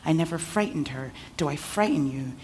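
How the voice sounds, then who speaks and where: A woman voicing a middle-aged uncle, drunk and grieving, his words slurred and turning from soft to angry. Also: sits low, animated, normal speed, a little hiss or hum. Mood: pleading. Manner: slurred, shifting between soft and clenched.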